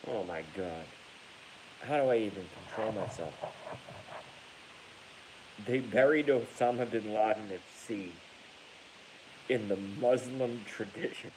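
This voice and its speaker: A man's voice: lowish voice, slow, pauses often, a little mellow, slight background noise, rough recording. A man ranting angrily on a livestream, swearing often and breaking into laughter while reading viewer comments. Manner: angry, profane, breaks into laughter.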